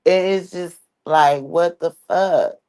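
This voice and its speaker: A woman's voice: lowish voice, slow, warm tone, clean tone. A woman giving casual livestream commentary in a blunt, exasperated way, swearing freely as she talks. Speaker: streamer commenting on an online family.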